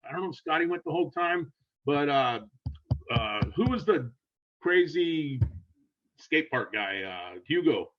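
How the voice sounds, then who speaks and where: An older man telling a long rambling story in casual chat, animated and laughing, acting out quotes in a raised voice. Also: on the high side, unhurried. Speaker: guest storyteller. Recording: dull lo-fi sound.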